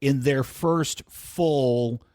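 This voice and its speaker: A man co-hosting a podcast in casual chat, often restarting his sentences and breaking into laughs. His voice sits at a middling pitch, recorded close and dry with no room sound. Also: extremely slow, darkish tone, dry recording. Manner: rambling, self-correcting, laughs often. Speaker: podcast co-host.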